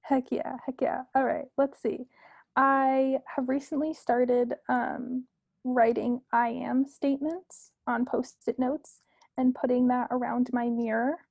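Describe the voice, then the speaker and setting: A young woman, a podcast guest, talking casually and earnestly about herself, with many fillers and soft asides. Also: sits high, flat delivery, takes it slowly, vocal fry, dry recording, dull audio.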